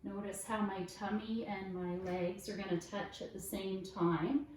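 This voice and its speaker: Slow, calm woman guiding yoga. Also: mid-range voice, recorded from a distance, a little hiss or hum. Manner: calm, encouraging step-by-step cues. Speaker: fitness instructor. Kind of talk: guided yoga class instruction. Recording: echoey room, voice off-mic.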